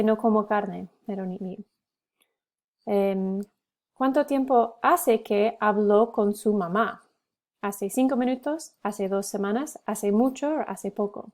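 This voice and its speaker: A woman teaching a language lesson, slowly drilling verb forms and switching between English and Spanish. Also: medium pitch, mellow.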